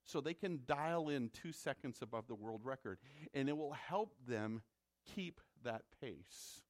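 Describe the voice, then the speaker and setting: A man's voice: medium pitch, animated, a little slow. A man from the Midwest preaching a sermon as a pastor, in a conversational way that repeats words when he presses a point.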